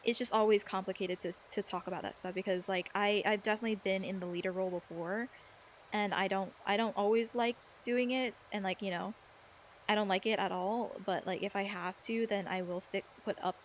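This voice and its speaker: Woman streamer, mid-pitched, loose rambling chat over gameplay, reads chat aloud, faint background noise. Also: steady tone, brisk. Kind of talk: casual chat while gaming.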